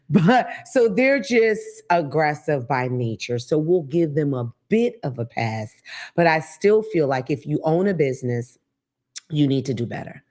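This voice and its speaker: A woman hosts a casual solo talk and speaks in a profane, storytelling way. Her voice sits fairly low but swings widely up and down as she acts out other people's lines. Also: normal speed. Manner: profane, animated storytelling with acted-out quotes. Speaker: host. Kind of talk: casual monologue.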